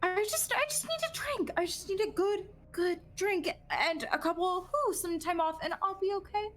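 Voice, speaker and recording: A woman's voice: very high-pitched, expressive, moderate pace, a bit bright, pitched above the performer's own voice. A woman voicing a stubborn, battered female vampire who refuses help emphatically. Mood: weary.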